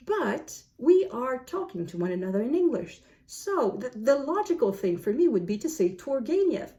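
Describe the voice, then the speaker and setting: French-native woman book vlogger, kinda high voice, thinking out loud, asks herself stuff. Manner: thoughtful, musing, asks herself questions aloud. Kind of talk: casual talk to camera.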